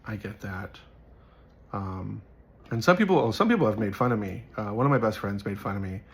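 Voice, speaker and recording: A man's voice: fairly low pitch, expressive, brisk, creaky, slightly rough. A man giving a casual Bible teaching, earnest and rambling, telling personal stories and repeating phrases for emphasis.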